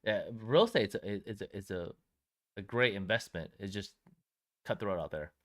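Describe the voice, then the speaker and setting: A young man co-hosting a podcast, chatting casually and breaking into playful loud banter. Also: on the low side, moderate pace. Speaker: podcast co-host. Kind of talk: casual chat.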